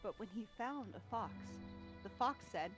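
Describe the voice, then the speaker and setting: A woman's voice: a little high, lively intonation, normal speed. Giggly chatty woman, music behind. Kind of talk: casual chat.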